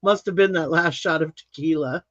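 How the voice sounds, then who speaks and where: While hosting a live craft stream, a woman chats casually as she reads comments, laughing often and rambling through restarts. Her low-pitched voice moves at a moderate pace, and the dry, slightly muffled stream audio has no room sound.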